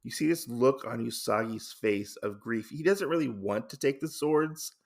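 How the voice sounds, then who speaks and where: A man sits at the mic and recaps a comic story in a loose, rambling way, full of fillers and self-corrections. His mid-pitched voice has a gravelly creak. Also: lively intonation, moderate pace. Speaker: podcast host.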